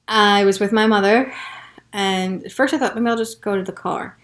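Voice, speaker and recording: At normal speed and in a mid-range voice, the podcast host shares a personal story, frank and full of profanity, building from a hushed account into heated frustration.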